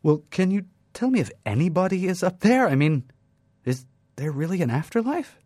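Anxious, hesitant leader on a phone call, subdued and low, male reader doing the voice. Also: very animated, normal speed, dark tone, breathy edge, no room sound, studio quality, heavily acted. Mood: nervous pleading. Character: male world president, nervous and pleading.

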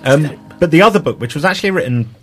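A man presenting a casual radio chat show, retelling a children's story with many pauses and restarts. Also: on the high side, animated, faint music behind. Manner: hesitant, many ums and restarts.

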